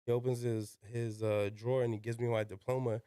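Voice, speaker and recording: Brief: young adult man, podcast guest, clear resonant voice, dry close sound, loose slangy storytelling with cursing. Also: medium pitch, flat delivery, a little fast, warm tone, no room sound. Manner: slangy, peppered with "yo" and "like", swears freely. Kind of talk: casual storytelling.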